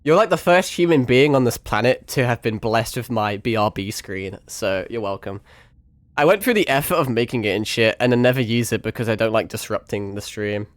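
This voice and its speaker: A young man with a medium-pitched voice chats casually while streaming a game, sounding animated and brisk on a dry recording. He swears freely and pokes fun at himself, his voice a bit strained from hours of talking.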